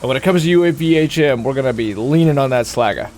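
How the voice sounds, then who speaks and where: A man's voice: medium pitch, lively intonation, quick pace, darkish tone, slight background noise. Chatty male game streamer. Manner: rambling, joking, chatty. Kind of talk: casual let's-play commentary.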